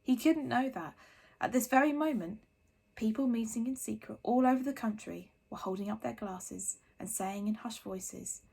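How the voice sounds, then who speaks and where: Woman reader, soft storybook narration, husky voice. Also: a little high, normal speed. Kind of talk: storybook reading aloud.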